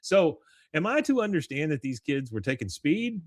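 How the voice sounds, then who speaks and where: A man's voice: on the high side, very animated, moderate pace, dry recording, clean studio sound. A man co-hosting a podcast, casually retelling episode scenes and quoting lines between laughs. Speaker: podcast co-host. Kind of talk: casual episode recap chat.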